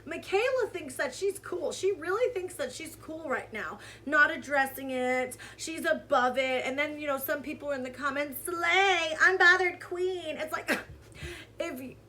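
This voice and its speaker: A woman with a high, bright voice rants through a casual commentary vlog. She is heated and sarcastic. Her tone stays sharp and lively throughout. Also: moderate pace, few pauses. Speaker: commentary vlogger.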